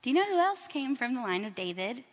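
A woman's voice: fairly high pitch, sing-song, quick pace, in a large hall. A woman teaching a Bible story in a casual, conversational storytelling way, with everyday fillers.

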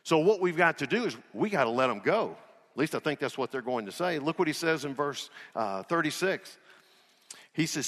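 A man's voice: on the high side, fairly bright tone, big-room sound. A man preaching a sermon as pastor in a church, folksy and joking, retelling scripture in a casual voice. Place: church sanctuary.

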